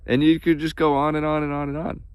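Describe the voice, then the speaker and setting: A man's voice: fairly high pitch, flat delivery, quick pace, clear, resonant tone, dry recording. A man chatting on a late-night livestream in a loose, awed and profane way, drawing out his words and laughing often.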